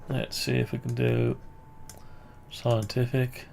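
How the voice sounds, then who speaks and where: Slow, gravelly man thinking aloud. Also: medium pitch, fairly even intonation, darkish tone, a little hiss or hum. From United Kingdom. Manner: thinking aloud, rambling with self-corrections. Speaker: amateur radio hobbyist. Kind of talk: casual screen-share walkthrough.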